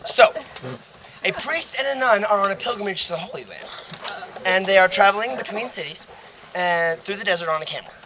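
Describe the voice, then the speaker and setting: A man's voice: high voice, a little fast, crowd noise. A man telling a long joke casually, chatty and checking in with his listeners. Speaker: joke teller. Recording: noisy amateur recording with clicks.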